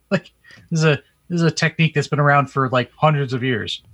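Man, podcast co-host, casual tech chat, dry humor, hesitant, many fillers, bright voice. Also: fairly high pitch, a little fast, dry recording.

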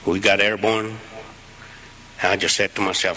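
A man's voice: sits low, fairly even intonation, normal speed, sharp tone, slight background noise, rough recording. A middle-aged man, a veteran speaking to an audience, retelling his war story in an earnest, plain-spoken, heartfelt way.

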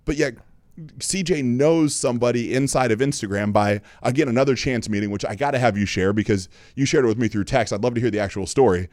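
Male podcast host, rapid casual storyteller, dry recording. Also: medium pitch, a little mellow, dry recording. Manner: fast, candid storytelling with frequent fillers. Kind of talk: casual chat.

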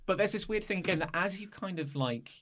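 A man's voice: high voice, animated, fairly quick, a loud crowd. Chatty game master man. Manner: chatty, rambling with fillers. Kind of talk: narrating a tabletop role-play.

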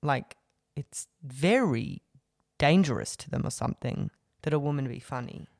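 A woman co-hosting a podcast in casual chat, animated and joking, often laughing. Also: a bass voice, normal speed, dry recording, studio quality. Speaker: podcast co-host.

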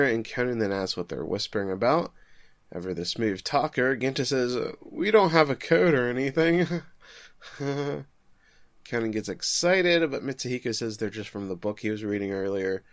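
A man in his thirties co-hosting a casual podcast, retelling a story with animated quick acted-out quotes. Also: lowish voice, no echo, clean studio sound. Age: 30s. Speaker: podcast co-host.

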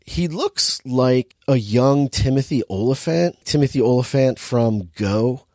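A man chatting through a film's plot in a loose, rambling way, leaning on filler words as he goes. His voice sits at an ordinary middle pitch. The recording is close and dry, with no room sound. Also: expressive, a little slow, dark tone, no room sound. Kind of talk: casual movie recap chat.

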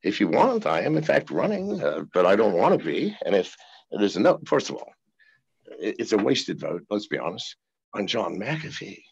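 Man, podcast guest, profane, rambling, gravelly husky voice, very lively delivery. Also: fairly low pitch, normal speed, highs cut off. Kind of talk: casual interview. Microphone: video call.

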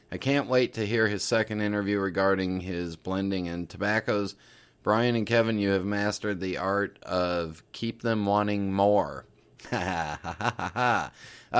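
A male podcast host with a fairly low voice reads listener mail aloud. His delivery is casual and conversational, with small fillers between letters. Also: a bit bright.

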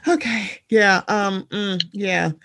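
Podcast co-host, mid pitch, blunt and profane, sarcastic pop-culture gossip, very dry close sound. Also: no echo. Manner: blunt, profane, sarcastic, addresses listeners as y'all. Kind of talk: casual pop-culture chat.

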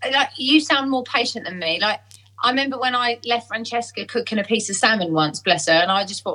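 Woman, breathy voice, bright tone, animated storytelling guest. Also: a little high, a little fast, poor audio. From Essex, England. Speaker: singer-songwriter guest. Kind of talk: casual conversation.

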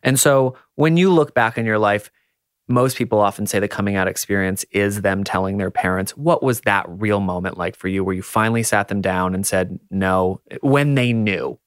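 A man hosting an interview, asking thoughtful questions and pausing to search for words. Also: fairly low pitch, clear, resonant tone, dry recording, clean studio sound. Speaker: podcast host.

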